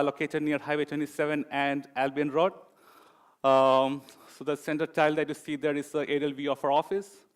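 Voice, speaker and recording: A man presenting as a project manager in a corporate talk, pausing often with fillers. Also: fairly high pitch. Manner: hesitant, many fillers.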